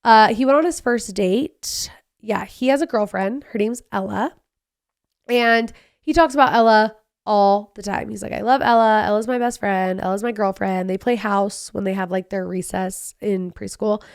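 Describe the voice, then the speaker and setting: A woman in her thirties hosting a casual solo podcast, telling personal stories in a chatty, animated way with quick asides. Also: medium pitch, smooth. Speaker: podcast host.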